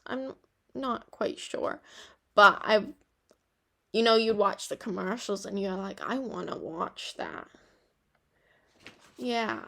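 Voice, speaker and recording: Slow, gravelly-voiced young woman podcaster. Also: medium pitch, a bit bright. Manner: rambling, reflective, self-laughing. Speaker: podcast host. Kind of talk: casual podcast chat.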